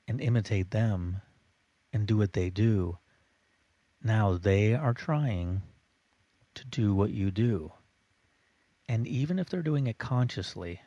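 A man with a lowish, mellow voice delivers a recorded course lecture, calmly addressing the listener and explaining each step. The sound is dry and a bit dull, like a lo-fi recording. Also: no echo. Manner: calm, instructive, addresses listener directly. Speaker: course instructor.

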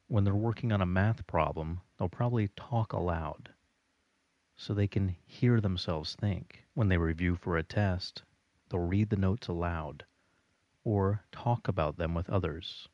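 A man giving a recorded audio lesson in a slow, steady instructional delivery. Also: low-pitched, dry recording, highs cut off.

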